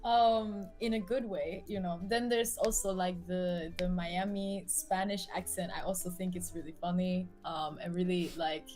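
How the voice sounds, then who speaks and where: A woman from the United States co-hosting a relaxed online chat, with lots of fillers and giggles. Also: lowish voice, moderate pace, few pauses, soft background music. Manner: easygoing, giggly, filler-heavy. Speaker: podcast co-host. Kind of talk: casual chat.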